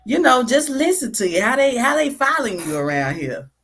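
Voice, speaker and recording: A woman's voice: sits high, very animated, fairly quick, fairly bright tone, a little hiss or hum. A woman hosting a podcast, easygoing and encouraging, with trailing fillers. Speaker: podcast host. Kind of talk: casual podcast chat.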